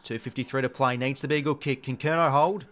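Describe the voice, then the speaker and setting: A young Australian man hosts a watch-along from home, calling a football match live as it plays on screen. His running commentary is casual, breaking into sudden excited bursts, with offhand swearing and a self-mocking streak. He talks quickly in a voice that sits mid-range for a man.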